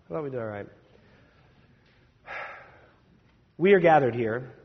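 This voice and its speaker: A man's voice: medium pitch, expressive, a little slow, husky, long reverb tail, dull audio. A man in his thirties, a pastor reading scripture and then preaching an Easter sermon in a church sanctuary, telling stories in a chatty way. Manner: conversational storytelling with laughs.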